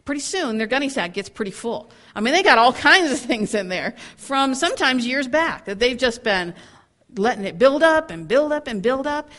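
A woman's voice: sits high, moderate pace. A woman speaking to a women's group in a Bible teaching, acting out angry people's words, laughing often and restarting her sentences. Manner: animated, acts out angry quotes, laughs often; repeats words when starting sentences.

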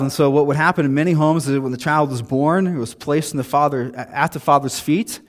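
A man in his thirties delivers a sermon from the pulpit. His pitch sits in the middle of the usual range, and his tone stays conversational. He drops in self-deprecating asides as he goes. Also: fairly quick, hardly any pauses. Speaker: pastor.

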